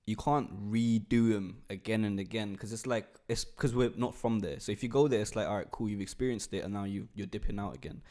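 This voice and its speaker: Young guy, bit lower voice, easygoing slang. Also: a little fast, few pauses, mellow. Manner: upbeat, laughs often, slangy. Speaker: podcast co-host. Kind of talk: casual chat.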